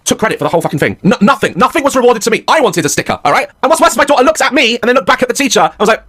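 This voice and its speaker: A man telling a comic story as a rant, animated, swearing and laughing. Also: very high-pitched, racing, hardly any pauses. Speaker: comedian, podcast host.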